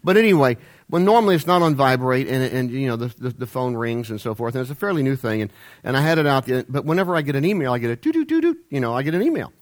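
A man's voice: mid-range voice, fast talker. A man preaching a humorous sermon in a church, rambling and jokey with self-deprecating asides. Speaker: pastor. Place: church sanctuary.

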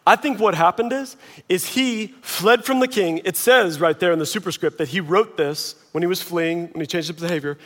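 A middle-aged man preaches a sermon with a high-pitched voice, talking casually and animatedly, then sinking to quiet intensity. His voice trails off into the long reverb of a large hall. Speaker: pastor.

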